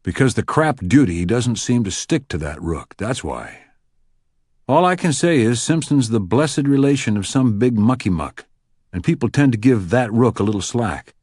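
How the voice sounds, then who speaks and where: A man voicing a gruff, sarcastic FBI supervisor in an audiobook, brisk and clipped. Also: mid-range voice, lively intonation, darkish tone, dry recording, clean studio sound, pitched above the performer's own voice. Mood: sardonic. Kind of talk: audiobook character voice.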